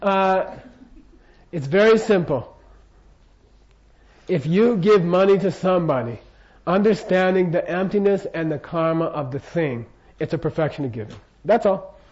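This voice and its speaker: An older man, a Buddhist teacher, gives a casual, jokey lecture and keeps checking in with his listeners. His voice is high and darkish, moving at a measured pace. The lecture recording is dull and lo-fi.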